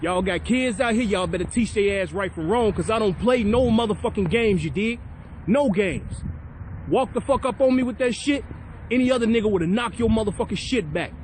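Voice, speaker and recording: Profane man ranting high. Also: a little fast, a little hiss or hum. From Chicago. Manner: profane, blunt, confrontational. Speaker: vlogger. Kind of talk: heated storytelling rant.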